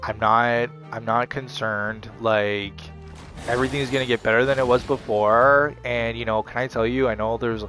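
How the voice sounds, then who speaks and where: Man, mid-pitch, rambling self-talk, defiant and filler-heavy, soft music bed. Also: fairly even intonation, moderate pace. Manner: repetitive, heavy with "like" and "you know" fillers; defiant, mocking. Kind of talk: rambling motivational monologue.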